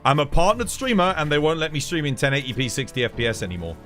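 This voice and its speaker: A man's voice: on the high side, very animated, fast, fairly bright tone, soft background music. Exasperated man streaming. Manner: exasperated, rambling, repeats himself. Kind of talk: casual live-stream chat.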